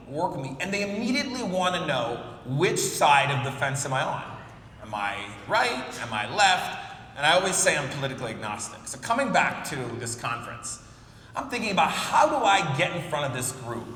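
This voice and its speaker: A man's voice: a little high, bright, forceful tone, slight background noise. A man giving a conference keynote, telling jokes and stories and calling people up from the audience. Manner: storytelling, jokey, works the crowd. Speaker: keynote speaker. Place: large conference hall. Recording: echoey hall from afar.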